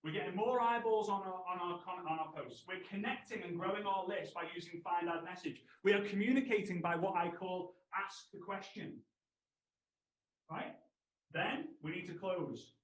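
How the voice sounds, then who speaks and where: A man, giving an energetic storytelling training talk to an audience he keeps calling on. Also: sits high, normal speed. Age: 30s. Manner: energetic, animated, asks the audience to respond. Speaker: network marketing trainer. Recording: roomy echo.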